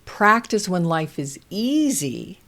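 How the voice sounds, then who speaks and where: Slow, deliberate woman parenting host. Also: lowish voice. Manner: calm, deliberate and coaching. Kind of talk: instructional parenting talk.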